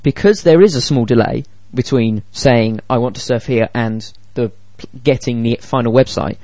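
A man co-hosting a casual tech podcast, explaining things in an animated way and acting out quoted dialogue. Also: mid-range voice, normal speed, dry recording. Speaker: podcast co-host.

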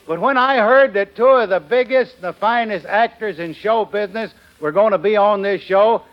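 Folksy halting man from Arkansas. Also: high-pitched. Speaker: comedian guest. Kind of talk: folksy radio monologue. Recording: lo-fi 1940s radio broadcast.

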